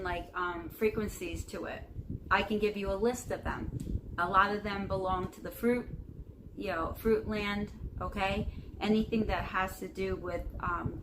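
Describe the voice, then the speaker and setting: A woman vlogging casual spiritual advice to camera, rambling with many fillers and checking in with "okay?". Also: mid-range voice. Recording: noticeable background noise.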